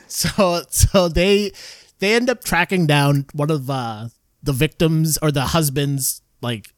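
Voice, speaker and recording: A man's voice: on the high side, takes it slowly, no room sound, studio quality. A man casually recapping a TV episode in a rambling way, with lots of fillers and laughter. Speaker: podcast co-host.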